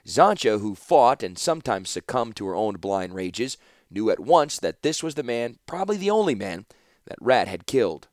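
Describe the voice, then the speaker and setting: Man, audiobook narrator, low voice, dry close recording. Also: normal speed, no room sound. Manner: expressive, dramatic storytelling.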